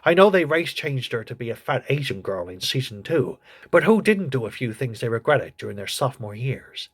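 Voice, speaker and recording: A man voicing a crude, gossipy old male politician who reviews a TV show in a comedy sketch, with a husky voice. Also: mid-range voice, big pitch swings, brisk. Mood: snarky.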